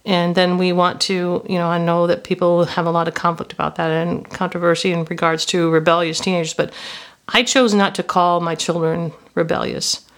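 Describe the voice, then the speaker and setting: A woman's voice: on the low side, little pitch movement, normal speed. A woman in her fifties, hosting a podcast and telling personal stories as reflective Christian teaching. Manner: storytelling, personal and confessional. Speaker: podcast host.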